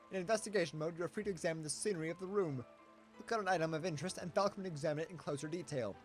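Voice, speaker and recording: A man's voice: on the high side, very fast, faint music behind. A man hosting a let's play, reading and joking along in a playful way. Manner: playful and giggly. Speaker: gaming channel host.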